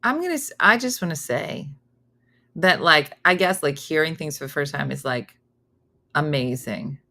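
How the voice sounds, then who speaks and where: Middle-aged woman host with a lowish, bright voice; chatty, animated, does voices in her stories. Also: moderate pace. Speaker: morning show host reading viewer comments. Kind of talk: casual chat with storytelling.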